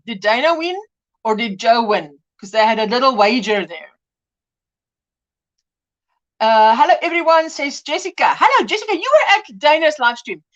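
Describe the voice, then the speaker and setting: High-pitched with a fairly bright tone, this livestream host keeps things relaxed as she reads out comments from viewers and laughs frequently between chats, captured in lo-fi audio.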